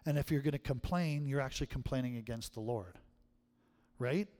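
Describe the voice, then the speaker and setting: A middle-aged man preaching a sermon as pastor, swinging from hushed tones to loud, emphatic calls. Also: medium pitch, brisk. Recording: long hall reverb.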